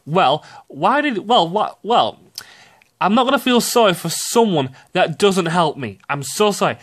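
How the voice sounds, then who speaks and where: A young man giving profane, ranting commentary on video games, excitable and quick to burst out shouting. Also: high-pitched. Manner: excitable, swears often, sudden shouty outbursts. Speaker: gaming commentator.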